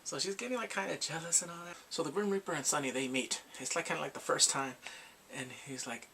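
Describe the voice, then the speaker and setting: A man casually recapping a drama's plot, animated and emotional, acting out the characters' lines. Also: a little high, quick pace, gravelly, a little hiss or hum. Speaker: drama reviewer.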